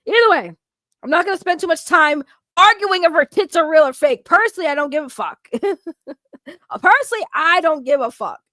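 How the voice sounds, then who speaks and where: A young woman talks loudly and excitably, laughing often as she riffs with her stream chat. Her voice sits high and is captured close and dry, with no room around it. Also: fairly quick, long pauses, no echo. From Boston, Massachusetts. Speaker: streamer reacting to videos. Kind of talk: casual reaction stream chat.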